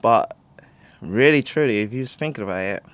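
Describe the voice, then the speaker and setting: A man's voice: medium pitch, a little fast, no echo. A man, co-hosting a casual podcast chat, telling stories with lots of laughter and casual swearing. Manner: animated storytelling, laughs often, swears casually. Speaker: podcast co-host.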